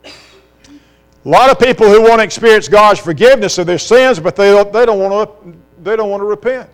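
High, smooth preacher. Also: male voice, a little fast. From South Carolina. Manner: impassioned preaching with rhetorical questions. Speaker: pastor. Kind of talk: sermon.

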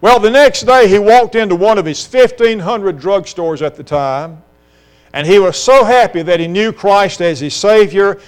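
A middle-aged pastor delivers an impassioned sermon, firing off rhetorical questions. His voice sits high and comes through clean and resonant. A steady mains hum runs underneath the recording. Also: normal speed, clean tone. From South Carolina.

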